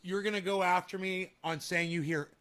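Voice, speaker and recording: A man's voice: sits high, fairly even intonation, moderate pace, a bit bright. A man hosting a casual livestream, reading viewer comments and trash-talking in a crude, taunting way. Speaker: livestream host.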